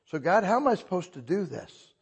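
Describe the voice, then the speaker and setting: An older man preaching a sermon in a husky voice, talking conversationally and asking the congregation frequent questions. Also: sits high, very animated, fairly quick. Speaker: pastor.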